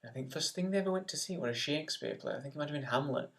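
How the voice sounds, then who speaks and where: A man's voice: a little high, very fast, a bit bright. A young man, co-hosting a casual webcam podcast, mostly chiming in with short easygoing replies. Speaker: podcast co-host. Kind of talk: casual chat. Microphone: webcam microphone.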